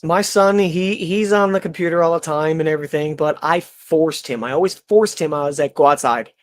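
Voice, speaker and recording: A man's voice: a little high, fairly quick, no echo. A man in his forties, a podcast guest in casual chat, who laughs often and acts out voices in his stories.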